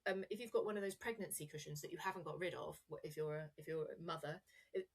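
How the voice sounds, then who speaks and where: On a podcast as a guest, a woman coach talks freely in a low, husky voice at a fast clip. She rambles and corrects herself while explaining her ideas, demonstrating points as she goes.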